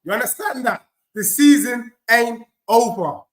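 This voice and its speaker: A man reacting live to a football match as a fan streamer, excitable and shouting, his voice going hoarse. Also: extremely high pitch, measured pace, roomy sound. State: losing his voice.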